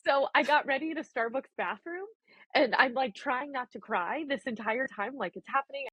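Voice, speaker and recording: Husky-voiced woman telling a lively story. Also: high-pitched, moderate pace, dry recording, dull audio. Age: 30s. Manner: animated, laughing, lots of "like" and quoted dialogue. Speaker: guest, egg donor. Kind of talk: casual storytelling in a podcast interview.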